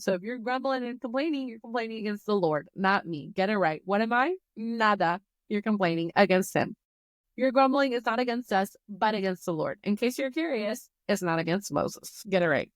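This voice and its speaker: A woman's voice: medium pitch, fairly quick, no echo. A young woman hosting a Bible study, reading passages aloud and breaking in with chatty, sarcastic asides. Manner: reads scripture then reacts with chatty, sarcastic asides. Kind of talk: casual Bible reading with commentary.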